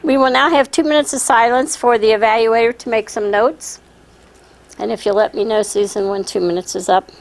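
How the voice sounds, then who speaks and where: A woman's voice: fairly high pitch, steady tone, brisk, poor audio. A woman hosting a club meeting, friendly as she thanks speakers and announces what comes next. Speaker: meeting host.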